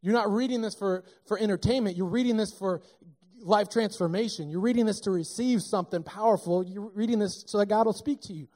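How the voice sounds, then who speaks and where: High-voiced man preaching an animated sermon. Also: a little fast. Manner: animated, joking, conversational. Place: church sanctuary.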